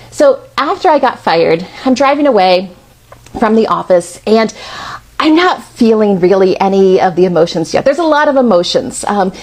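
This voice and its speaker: A woman of about fifty giving a storytelling talk in a conversational, expressive way. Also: a little high. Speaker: speaker.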